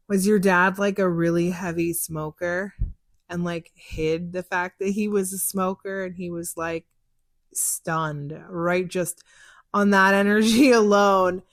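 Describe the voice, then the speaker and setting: A young woman hosts a show from her car, candidly chatting about her psychic work as she answers listener questions, laughing a lot and acting out conversations. Her voice is lowish, captured in a dry recording of studio quality.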